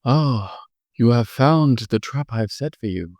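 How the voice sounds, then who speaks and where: A man's voice: mid-range voice, expressive, a little slow, a little mellow, no echo. A man playing a riddling shadow creature. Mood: solemn. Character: mysterious shadow creature who speaks in riddles. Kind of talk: improvised bedtime storytelling.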